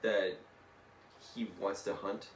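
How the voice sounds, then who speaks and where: Recorded from a distance in an echoey room with faint noise, a young man animatedly retells a funny story to a friend, putting on voices and swearing occasionally. His voice sits low, and he takes a slow pace.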